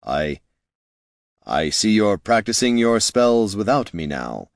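A man voicing a brooding male wizard who speaks softly and hesitantly, with heavy sighs, in an audiobook. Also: on the low side, sing-song, slow, dry recording, exaggerated voice. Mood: awkward. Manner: soft, hesitant, rueful.

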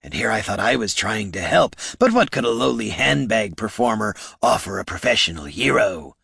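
A man voicing a touchy male kobold purse performer with a raspy voice and quick wisecracking street talk, in a storybook reading. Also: lowish voice, very animated, sharp tone, dry recording, clean studio sound, exaggerated voice. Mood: indignant.

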